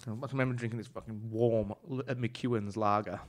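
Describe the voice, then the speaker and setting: A man's voice: lowish voice, steady tone, a little fast. A chef rambling through his kitchen stories. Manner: rambling, full of "like" and swearing. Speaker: chef and author, podcast guest. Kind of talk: casual storytelling chat.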